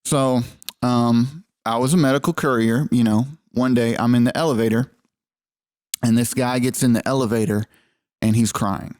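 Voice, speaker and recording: A man's voice: mid-range voice, fairly even intonation, moderate pace, darkish tone, no room sound. Guy on a podcast telling a rambling elevator story, cusses a lot, dry close sound. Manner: rambling, swears freely, acts out what people said. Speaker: podcast co-host. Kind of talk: casual storytelling chat.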